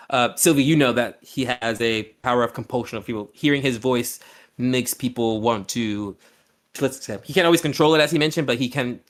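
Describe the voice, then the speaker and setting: A man's voice: mid-range voice, a bit bright. Rambling man running a tabletop game. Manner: loose, rambling description with many fillers. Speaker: game master.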